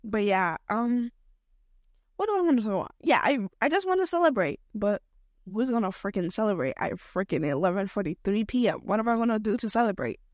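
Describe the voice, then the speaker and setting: A woman's voice: medium pitch, a little fast, no room sound. Chatty young woman, dry close sound. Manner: chatty, slangy and expressive, jumping between topics. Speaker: podcast host. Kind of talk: casual solo podcast chat.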